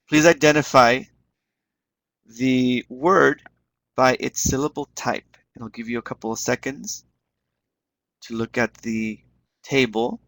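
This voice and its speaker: A man's voice: medium pitch, creaky, fairly bright tone. A man leading an online teaching webinar, encouraging the class and repeating words as he explains them. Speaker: webinar instructor.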